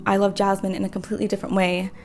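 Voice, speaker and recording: A woman's voice: medium pitch, completely flat delivery, rapid-fire, a little hiss or hum. A woman in her twenties, talking earnestly and rambling with many fillers in a casual vlog. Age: 20s. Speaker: vlogger. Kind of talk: casual talk to camera.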